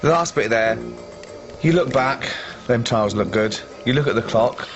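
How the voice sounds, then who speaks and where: A man in casual chat, asking incredulous, prodding questions and breaking into high squealing laughter. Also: animated, normal speed. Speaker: podcast host. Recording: muffled audio with music behind.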